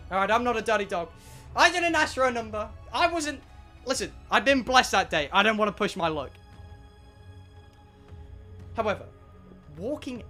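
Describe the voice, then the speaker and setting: A young British man streaming live, telling a story to his chat in an excitable, swearing way with dramatic pauses. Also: sits high. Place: home streaming room.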